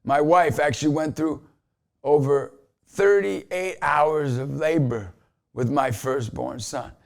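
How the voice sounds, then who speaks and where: A man's voice: fairly high pitch, takes it slowly, creaky. A man in his forties, a Christian motivational speaker, giving an emphatic inspirational talk to camera in a conversational way. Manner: emphatic, repeats a catchphrase, conversational.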